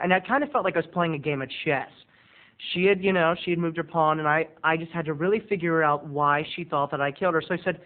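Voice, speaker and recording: Man from maryland, video blogger, chatty rambling storyteller, high voice, tinny phone-like sound. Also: fairly even intonation, fairly quick. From Maryland, USA. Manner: chatty, rambling, with playful dramatic swings. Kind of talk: casual storytelling vlog.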